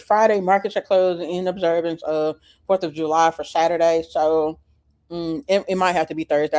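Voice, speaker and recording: A man's voice: high voice, a little mellow. A man coaching options trading live, chatting casually and joking with his viewers. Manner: joking, chatty, addresses chat as y'all. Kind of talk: casual livestream trading chat.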